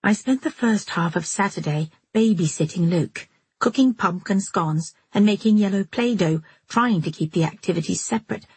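A woman reading a first-person novel aloud as an audiobook narrator, in a measured, steady manner. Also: mid-range voice, slightly rough, dry recording.

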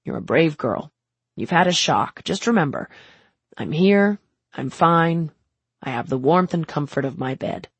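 A woman voicing a brash, doting older man who talks in a brisk, bossy, affectionate way. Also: sits low, animated, creaky, breathy edge, no echo, full character voice.

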